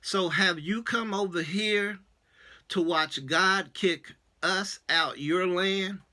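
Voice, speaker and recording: A man's voice: high voice, slow pace, bright, forceful tone, voice pushed up, exaggerated voice. A man voicing a stern middle-aged male customs officer who asks blunt, pressing questions.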